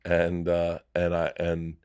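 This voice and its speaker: A middle-aged man telling a crude, animated story in a casual podcast chat, acting out other people's voices as he goes. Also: sits low, slow pace, smooth, muffled recording. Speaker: podcast guest.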